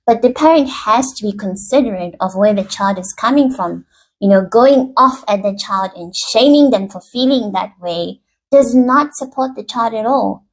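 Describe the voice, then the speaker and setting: A woman's voice: a little high, moderate pace, rough recording. A woman speaking earnestly to camera about relationships, explaining her points through examples. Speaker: relationship and self-help speaker. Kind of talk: self-help teaching to camera.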